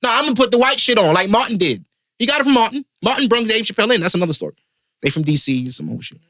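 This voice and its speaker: A man's voice: high voice, very animated, racing, sharp tone, no echo, clean studio sound. A man hosting a podcast, a comedian ranting in heated, profane casual chat.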